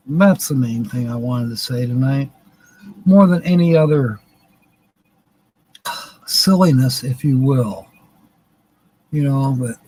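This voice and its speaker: A man's voice: on the high side, a little mellow, slightly rough, poor audio. A man hosting a live stream, chatting in a rambling, folksy and joking way. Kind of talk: casual live stream chat.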